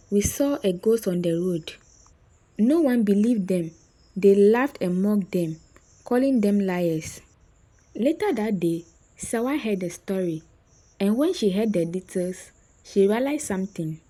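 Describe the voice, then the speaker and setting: Slow, husky woman telling a story. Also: medium pitch, dark tone, poor audio. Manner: slow, suspenseful delivery with dramatic pauses. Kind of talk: scripted story narration.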